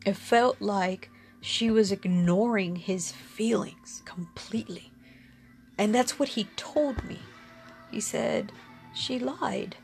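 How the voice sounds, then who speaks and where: A woman's voice: mid-range voice, slow, a little mellow, soft background music. A woman telling a personal story in a casual, candid way. She speaks frankly, swears casually and often laughs. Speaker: storyteller sharing personal experience.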